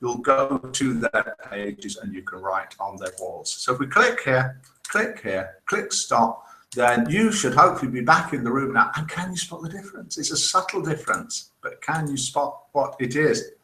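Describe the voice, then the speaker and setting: A man's voice: medium pitch, very animated, moderate pace, sharp tone, a little hiss or hum. A man hosting a live online show, chatting casually, reading out viewer comments and telling jokes he laughs at himself. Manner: chatty, jokey, laughs at his own jokes. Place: indoor room in Spain. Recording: roomy echo.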